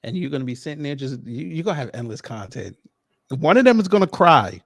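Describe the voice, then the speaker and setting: A man's voice: on the high side, very animated, fast, dry recording. Man, guest caller, casual chat, teasing, dry sound. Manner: joking, teasing, stumbles over words. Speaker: guest contributor.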